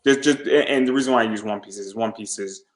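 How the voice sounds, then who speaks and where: A man's voice: lowish voice, fast talker. A man hosting an interview who stammers and repeats words while talking enthusiastically. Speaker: podcast host. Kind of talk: casual interview chat.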